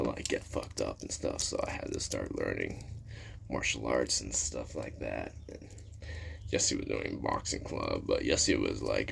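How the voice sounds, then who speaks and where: A man's voice: rumbling low, vocal fry, fairly bright tone, slight background noise. A man telling rambling school stories in a casual vlog, full of fillers and swearing. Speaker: vlogger. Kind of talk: casual storytelling.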